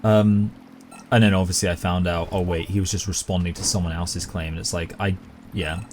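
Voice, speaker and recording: Deep-voiced rambling British man. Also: steady tone, fairly quick, a little mellow, a little hiss or hum. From Britain. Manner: rambling, long-winded and self-aware. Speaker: gaming YouTuber. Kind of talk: casual commentary while gaming.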